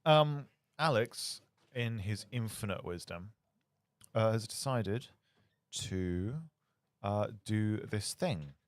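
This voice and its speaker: A tired man chats through a charity radio stream, his fairly low voice still moving around in pitch. He keeps a dry, wry humour. The studio sound is close and dry. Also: slow, dry recording. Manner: tired, self-described monotone, dry humour. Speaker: student radio presenter. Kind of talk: casual charity livestream chat.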